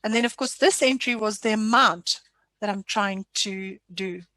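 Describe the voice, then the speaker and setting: A woman trainer leads a casual screen-share software tutorial in a mid-range voice at a measured pace, with no room sound. She's chatty and self-deprecating, apologizing often.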